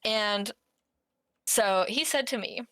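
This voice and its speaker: Woman podcaster, bright voice, keeps giggling while telling stories, dry close sound. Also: medium pitch, slow, dry recording. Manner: giggly storyteller who reads out old messages. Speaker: podcast co-host. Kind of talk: casual chat.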